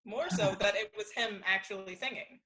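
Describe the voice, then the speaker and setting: A woman co-hosting a casual chat podcast over a remote video call, animated and quick to laugh. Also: medium pitch, low-quality recording. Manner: animated, enthusiastic, laughs often. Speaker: podcast co-host.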